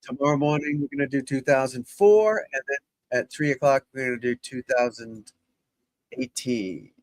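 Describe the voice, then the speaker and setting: A man's voice: medium pitch, moderate pace, no echo. A middle-aged man with a Boston accent, a golf instructor chatting casually on a live stream, rambling and blunt with joking asides.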